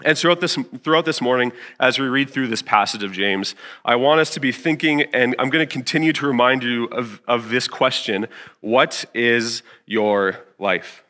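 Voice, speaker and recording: A man in his twenties giving a casual church sermon, candid and chatty, filling gaps with fillers and acting out his own past lines with big jumps in pitch. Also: brisk, sharp tone. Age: 20s. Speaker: youth pastor.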